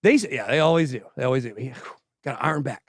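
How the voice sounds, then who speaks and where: A man's voice: medium pitch, expressive, rapid-fire, dry recording, clean studio sound. A man hosting a crypto livestream, chatting casually and bantering boastfully with his crew and the chat. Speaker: host of a crypto news livestream.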